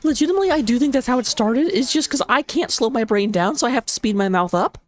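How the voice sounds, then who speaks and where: A woman casting a live esports match, talking rapidly and excitably with a playful, jokey manner. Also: a little high. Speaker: esports caster. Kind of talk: live game commentary on a stream.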